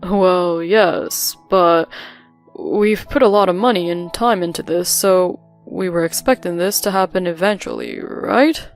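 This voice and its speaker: A woman's voice: lowish voice, measured pace. A woman voicing a cold, dismissive husband in a narrated story, speaking curtly over faint music. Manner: curt, dismissive.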